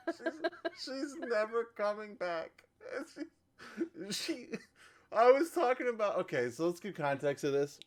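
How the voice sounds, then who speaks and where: A man co-hosting a casual gaming podcast, animated and laughing, often tripping over his words. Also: very high voice, slow pace. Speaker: podcast co-host. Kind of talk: casual chat.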